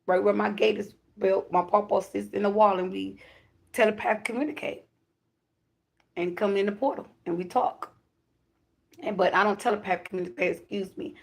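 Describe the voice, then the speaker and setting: A woman who calls herself a high priestess, delivering a channeled spiritual message to her viewers in emphatic, repetitive declarations with casual swearing. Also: vocal fry. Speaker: self-described high priestess giving a spiritual reading.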